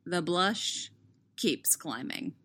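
Woman storyteller, lowish voice, steady, expressive reading. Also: very slow. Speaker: audiobook reader. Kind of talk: fan fiction narration.

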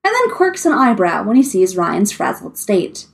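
A woman reading fan fiction aloud with expressive storytelling. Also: medium pitch, normal speed, creaky. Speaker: story reader.

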